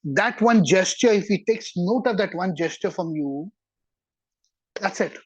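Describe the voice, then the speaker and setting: Husky-voiced religious teacher preaching earnestly. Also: medium pitch, a little slow, a little mellow, dry recording, rough recording. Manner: conversational, repeats words for emphasis, checks in with listeners. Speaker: Torah teacher. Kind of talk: sermon-like religious lesson.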